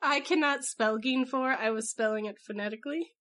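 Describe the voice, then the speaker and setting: A middle-aged woman co-hosting a podcast, chatting casually with quick, wry joking asides. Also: high-pitched, a bit bright. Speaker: podcast co-host.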